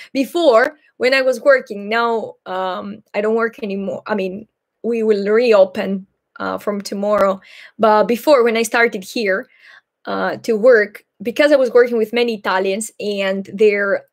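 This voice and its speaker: A young woman from Greece, hosting a live Q&A and answering viewers thoughtfully and hesitantly, with many fillers. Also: a little high. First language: Greek. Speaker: Greek teacher and channel host.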